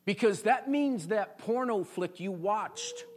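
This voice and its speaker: A man pastor preaching a sermon to a congregation, chatty and conversational, building to loud emphatic peaks. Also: sits high, expressive, slow. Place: church before a congregation.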